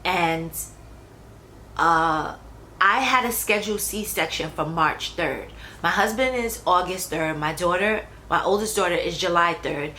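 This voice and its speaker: A woman's voice: lowish voice, a little slow, pushed and bright, rough recording. Chatty woman telling her own story. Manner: chatty, with fillers and restarts. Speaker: vlogger. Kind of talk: casual personal storytelling. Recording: faint background noise.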